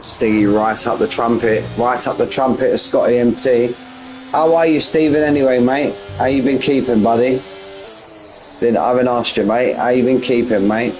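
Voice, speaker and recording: A man's voice: mid-range voice, normal speed, faint music behind, low-quality recording. A man in his forties giving casual, slangy live race commentary, chatting between calls and jumping up at close moments. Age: 40s. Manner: chatty, slangy, answers chat mid-race, bursts of excitement.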